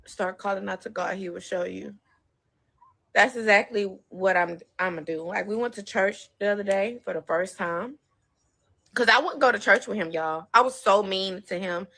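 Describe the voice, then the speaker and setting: A woman's voice: medium pitch, moderate pace, creaky, bright, forceful tone. A woman talking on her livestream, tearful, rambling and defensive. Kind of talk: emotional live stream talk.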